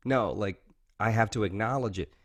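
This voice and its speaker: A man's voice: on the low side, moderate pace. A man, talking earnestly and openly as an interview guest, often saying "man" and "you know". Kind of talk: candid interview talk.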